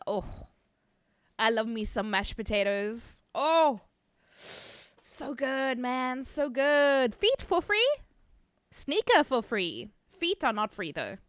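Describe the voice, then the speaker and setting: A woman's voice: fairly high pitch, sing-song, takes it slowly, long pauses, a bit bright, no echo, clean studio sound. A woman streamer chatting casually with her live chat, laughing often, swearing casually, and reading viewer names aloud.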